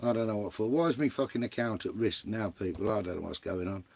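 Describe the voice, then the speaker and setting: A man's voice: on the low side, fast, creaky, darkish tone. A man hosting a live stream in casual chat, greeting viewers by name and swearing freely.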